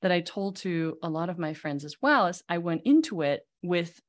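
Woman, low-pitched voice, lively anecdotes, interview guest. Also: normal speed. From Netherlands. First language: Dutch. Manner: animated storyteller, lively anecdotes. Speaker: magazine CEO, podcast guest. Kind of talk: casual interview chat.

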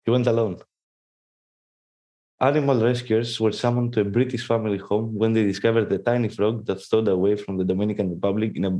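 A man with a Greek accent, co-hosting a podcast, reading news aloud in a halting way and stopping to joke. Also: on the low side, warm tone. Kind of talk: casual chat.

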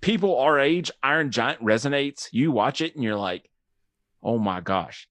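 Young male podcast co-host, casual and jokey, mid-pitched voice, dry close sound. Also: expressive, a bit bright, dry recording. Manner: loose and joking, quick to laugh and goof around. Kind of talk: casual chat.

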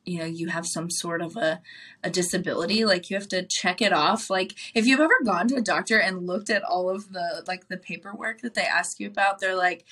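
Bright-voiced woman, laughing storyteller. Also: medium pitch, brisk. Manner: laughs often while telling stories; acts out both sides of conversations. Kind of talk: casual chat.

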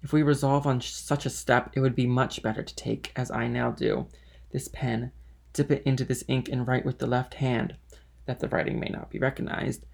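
A man voicing a calculating schemer in a storybook reading, speaking in a measured, cunning way. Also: medium pitch, level tone, creaky.

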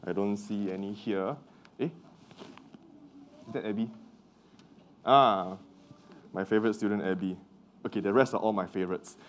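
A man with a fairly low voice preaches a sermon in English, his first language being Mandarin. He keeps it conversational, pausing to quiz the congregation. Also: steady tone, slight background noise.

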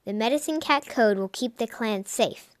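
A woman voicing a powerful, stern male cat who speaks loudly and firmly. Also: on the high side, expressive, moderate pace, dry recording, clean studio sound, natural voice.

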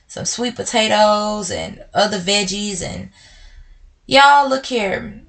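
A podcast host with a slightly high, bright, pushed voice and some vocal fry speaks openly and emotionally to her listeners, calling them y'all. She is blunt and direct in this personal talk, and her pace swings between slow and quick.

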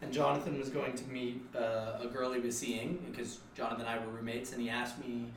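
A man's voice: mid-range voice, fairly even intonation, a little fast, slight background noise. A young man co-hosting a casual podcast chat, explaining ideas at length with frequent restarts. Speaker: podcast co-host. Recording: roomy, distant mic.

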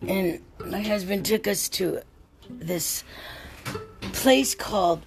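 A woman's voice: mid-range voice, very slow, long pauses, over music. An older woman hosting a casual podcast monologue, telling a rambling, chatty story while tired and worn out. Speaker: podcast host.

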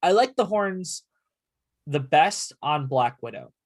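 A man's voice: a little high, lively intonation, takes it slowly. A man co-hosting a music podcast, chatting casually in a teasing, playful way. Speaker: podcast co-host. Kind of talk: casual chat about music.

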